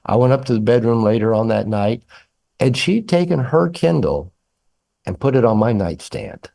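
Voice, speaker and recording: Older male author guest, lively candid storyteller, self-mocking, acts out both sides of a conversation. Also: medium pitch, moderate pace, creaky. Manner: animated, self-deprecating, acts out dialogue with humor. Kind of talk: candid storytelling in a podcast interview.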